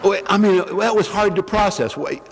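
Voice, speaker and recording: A man's voice: high voice, little pitch movement, moderate pace, some chatter behind. Man, wry humorous speaker, bronchitis cough, long hall reverb. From California. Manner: wry, self-mocking, acts out quotes. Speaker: recovery meeting speaker. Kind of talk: humorous storytelling talk.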